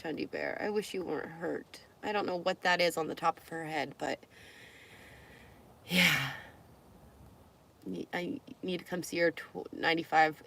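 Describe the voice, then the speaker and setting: A woman's voice: lowish voice, normal speed, long pauses, fairly bright tone. Chatty woman streaming with her dogs. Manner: chatty, talks to her dogs, squeamish outbursts. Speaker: live streamer. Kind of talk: casual live-stream chat.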